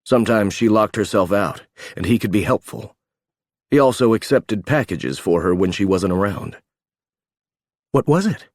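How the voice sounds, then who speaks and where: A man narrating an audiobook in a steady, measured reading voice. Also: on the low side, dry recording, clean studio sound. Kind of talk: scripted narration.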